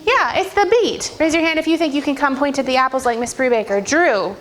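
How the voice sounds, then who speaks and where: A woman's voice: sits high, brisk. A woman music teacher leading young children in a classroom with encouraging, sing-song call-and-response prompts. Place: school classroom.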